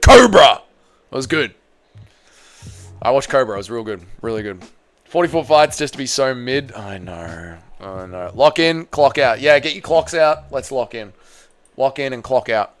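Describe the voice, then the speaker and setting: Smooth-voiced Australian man bantering on stream. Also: mid-range voice, animated, moderate pace, soft background music. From Tasmania, Australia. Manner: bantering, swearing, reading chat aloud. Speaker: livestream host. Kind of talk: casual livestream chat reacting to fights and chat.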